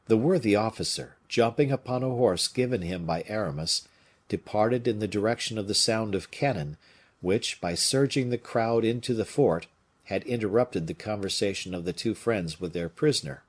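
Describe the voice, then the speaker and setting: A man reading a classic novel aloud as an audiobook narrator, with an expressive, dramatic delivery. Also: fairly low pitch, normal speed, husky.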